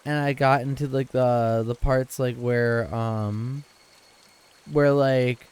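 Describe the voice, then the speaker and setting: A young man streaming live, chatting casually and swearing while reading a visual novel, with excitable, repetitive rants. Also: medium pitch, slow pace, clear, resonant tone.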